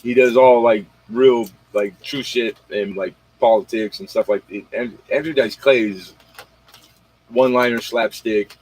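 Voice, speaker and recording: A man's voice: medium pitch, steady tone, unhurried, darkish tone, husky, low-quality recording. A man hosting a casual late-night livestream, rambling in slang and talking straight to his viewers. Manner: rambling, slangy, talks straight to viewers, retells comedy bits. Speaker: livestream host.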